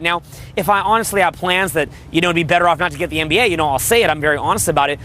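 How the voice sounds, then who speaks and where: Brash fast-talking man with a crude edge. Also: on the high side, bright, forceful tone, a little hiss or hum. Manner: brash, crude, riffing, mimics voices. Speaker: dating coach. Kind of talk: motivational monologue.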